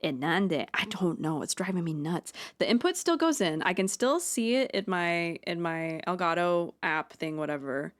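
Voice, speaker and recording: A woman streams live from home on a close mic, chatting while she draws in a lowish voice with lively intonation at normal speed, hardly pausing. She rambles, makes jokey asides at her own expense, and swears freely.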